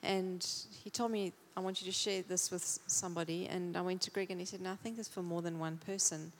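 A woman's voice: lowish voice, steady tone, a little fast, in a large hall, slight background noise. A woman from the congregation tells of a vision in an earnest, plain way. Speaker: congregation member sharing a vision. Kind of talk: testimony. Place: church.

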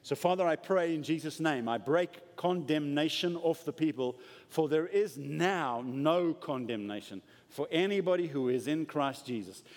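A man delivers a sermon with emphatic, swinging delivery, his voice sitting a bit high and ranging widely. The sound carries a long reverb from a large church hall. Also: normal speed, hardly any pauses. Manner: emphatic, animated preaching. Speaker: preacher.

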